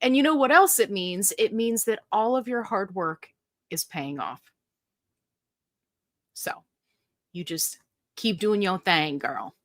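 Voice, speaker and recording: A bubbly woman hosts a casual livestream and greets viewers by name one after another. Her voice is bright and forward, and it sits dry and close to the mic with no room sound. Her pitch stays in an ordinary middle range. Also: expressive, unhurried, no echo. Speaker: livestream host. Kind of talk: casual live-stream chat.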